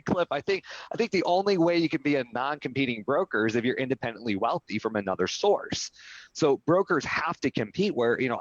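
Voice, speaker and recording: On dull, dry lo-fi audio without echo, a man with a mid-range voice is interviewed live by video call. The real estate brokerage executive is a guest, earnestly telling a personal story and repeatedly checking in with "right?".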